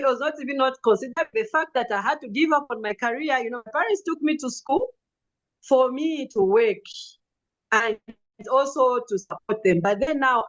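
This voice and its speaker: A woman telling her own story as a vivid, animated testimonial. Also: a little high, muffled recording. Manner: vivid storytelling with acted quotes and laughs. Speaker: customer giving a testimonial.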